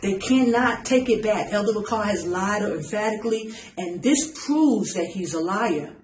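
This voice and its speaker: A woman's voice: mid-range voice, expressive, normal speed, a little mellow, reverberant, a little hiss or hum, low-quality recording. A woman preaching an impassioned online message, urgent and pleading, repeating her phrases for emphasis. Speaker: self-styled preacher.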